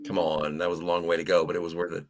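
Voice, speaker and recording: A man's voice: low-pitched, flat delivery, very fast. A man in casual, joking chat with friends, riffing on silly bits. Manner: jokey, puts on silly accents.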